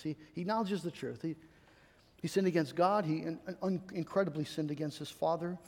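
A male pastor preaching a sermon, swinging between loud emphatic stretches and soft confiding asides, often repeating words as he restarts. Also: fairly high pitch, fairly quick. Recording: long hall reverb.

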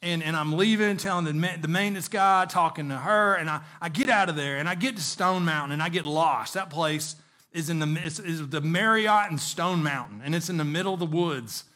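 A preacher with a fairly high voice delivers his sermon. He mixes lively anecdotal storytelling and chuckles with earnest exhortation, drawing out key words. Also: brisk.

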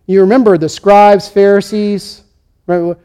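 A man's voice: high voice, fairly even intonation, measured pace, mellow, clear, resonant tone. A man preaching a sermon, emphatic, acting out the voices he quotes. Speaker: pastor.

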